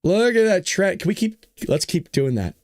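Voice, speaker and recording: A hoarse man hosting a casual political commentary show, joking and talking to his audience. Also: high voice, normal speed, no echo, clean studio sound. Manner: animated, joking, talks to the audience. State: hoarse, voice worn out. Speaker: show host.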